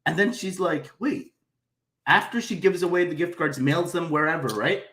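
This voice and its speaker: A man co-hosting a casual podcast chat, telling animated stories and acting out the people he quotes. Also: fairly high pitch, moderate pace. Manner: animated storyteller, acts out quoted voices. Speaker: podcast co-host.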